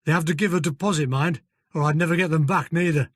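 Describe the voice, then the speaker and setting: Gruff northern stables boss, blunt and curt, pitched up, as a male reader puts him on, dry close sound. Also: steady tone, quick pace, dry recording, lightly acted. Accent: northern English.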